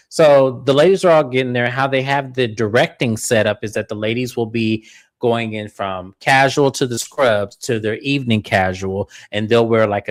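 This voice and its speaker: A man hosts a loose, frank recap, swearing freely and playing out each quote by leaping up in pitch. His voice sits in an ordinary middle register and sounds dry and close to the mic. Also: no room sound. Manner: animated, acts out quotes with big pitch jumps. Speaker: show recap host. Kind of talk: casual reality TV recap.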